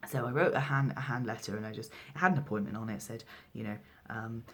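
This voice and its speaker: A man's voice: mid-range voice, fast, fairly bright tone. A young trans man, a midwife, telling a personal story casually to camera, hesitant, with many fillers and restarts. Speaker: midwife and vlogger.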